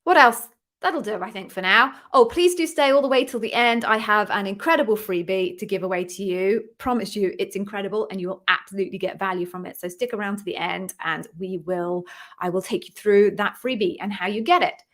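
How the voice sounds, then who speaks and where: Woman host, live-stream Q&A, encouraging and upbeat coach, middle pitch. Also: fairly quick, a bit bright. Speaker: interview coach hosting a live Q&A.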